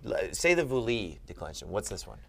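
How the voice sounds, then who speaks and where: A man's voice: on the low side, big pitch swings, fairly quick, gravelly. A man tutoring a student in Greek grammar, patient and asking leading questions. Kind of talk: one-on-one grammar lesson.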